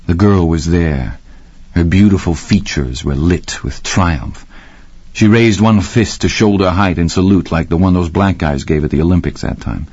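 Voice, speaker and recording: A man's voice: low voice, normal speed, a little mellow, breathy edge, no echo. A man narrating a gritty first-person story with dramatic storytelling. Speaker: audiobook narrator. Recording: slightly muffled dry audio.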